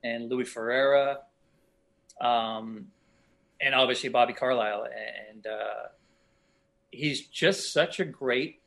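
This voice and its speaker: A middle-aged actor telling casual, animated stories from past shoots in an interview, often acting out other people's lines. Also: male voice, medium pitch, slow pace, vocal fry, pauses often. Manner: animated anecdotes, voices other people in quotes. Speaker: actor guest.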